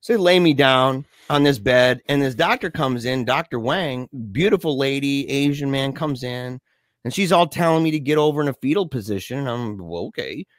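A man chatting casually on a podcast, telling a story in an animated, slangy way, often laughing and calling his friend dude. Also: mid-range voice, moderate pace, no echo, studio quality.

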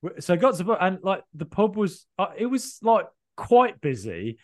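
A man's voice: sits high, sing-song, normal speed, no room sound, clean studio sound. A man co-hosting a football podcast, telling rambling, jokey stories with lots of fillers. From Birmingham, England. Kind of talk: casual chat.

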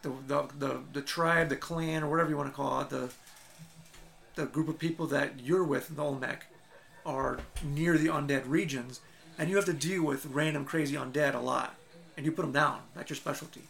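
A man's voice: a little high, fairly even intonation, normal speed, creaky, a bit bright. A man narrating a tabletop game as game master, telling the scene vividly in the second person.

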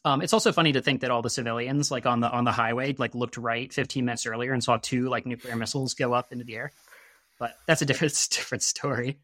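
Man, mid-pitched voice, loose rambling storyteller heavy on fillers, close and dry sound. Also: fairly even intonation, fast talker, a bit bright, dry recording. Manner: laughs at his own jokes. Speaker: podcast guest. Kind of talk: casual chat.

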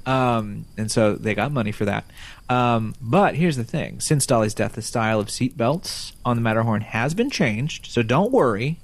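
A man's voice: lowish voice, lively intonation, moderate pace, gravelly. A man hosting a casual podcast, playful and jokey, telling a spooky story. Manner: playful, jokey, slips into silly voices. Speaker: podcast host.

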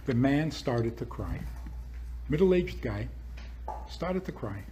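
A man's voice: medium pitch, very animated, slow, long pauses, dark tone, a little hiss or hum. A man hosting a podcast, giving a spiritual talk full of rhetorical questions. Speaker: podcast host.

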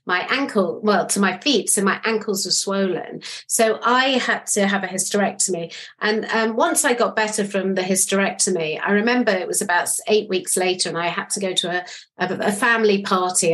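Earnest middle-aged woman telling her story. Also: medium pitch. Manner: earnest, animated storytelling with frequent restarts. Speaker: guest. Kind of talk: interview conversation.

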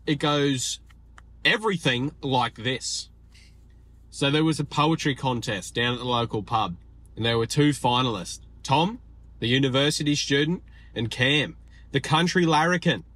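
A man's voice: mid-range voice, a bit bright, dry recording. A man calling in to tell a cheeky, crude joke. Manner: slow, cheeky joke teller. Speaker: caller. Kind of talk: phoned-in joke telling.

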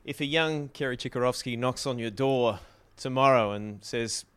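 An Australian man hosting an interview, asking a closing question in a relaxed, thoughtful way. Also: medium pitch, normal speed, clear, resonant tone. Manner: relaxed, thoughtful, rephrases as he goes. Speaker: interview host.

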